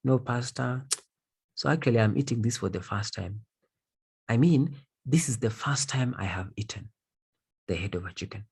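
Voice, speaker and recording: A cheerful, chatty woman traveler explains herself in a raised, lively voice, as a male teacher puts her on. The voice sounds husky and a little breathy. It is a quick classroom example, not a polished performance. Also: medium pitch, exaggerated voice.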